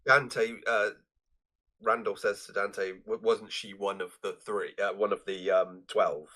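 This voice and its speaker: A man co-hosting a podcast, casually recalling movie details in a halting way, repeating words and chuckling. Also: lowish voice, steady tone, pushed and bright. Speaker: podcast co-host. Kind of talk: casual film review chat.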